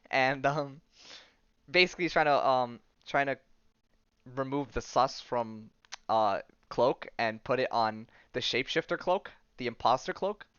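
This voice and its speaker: A man hosts a podcast, recapping comics in a loose, rambling manner studded with ums and likes. His voice is smooth and resonant. The recording is dry and close, with a dull, lo-fi tone. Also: medium pitch, unhurried, pauses often, a bit bright, no echo. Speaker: podcast host.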